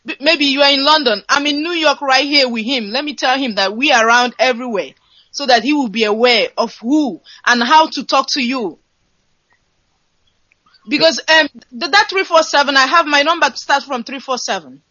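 A woman's voice: high-pitched, moderate pace, bright, forceful tone, no echo. A woman calling in to a radio show, speaking casually with some hesitation. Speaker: caller. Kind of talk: phone-in call. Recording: dull lo-fi call line.

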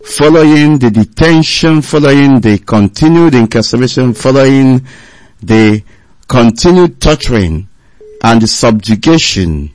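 A man's voice: medium pitch, darkish tone, no room sound, rough recording. A man presenting a live radio broadcast, speaking in a declamatory, emphatic way.

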